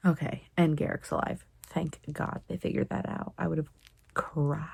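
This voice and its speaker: Low gravelly woman reacting to a book. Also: little pitch movement, moderate pace, darkish tone, a little hiss or hum. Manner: emotional, exclamatory reactions, often dropping into a whisper; retells plot loosely with many fillers. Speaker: book vlogger. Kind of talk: casual reading-vlog commentary.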